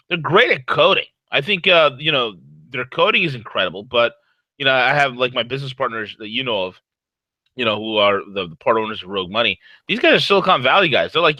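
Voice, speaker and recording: A man co-hosting a casual talk show, giving blunt opinions in an animated, rambling way. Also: medium pitch, a little fast, no echo, poor audio. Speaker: co-host.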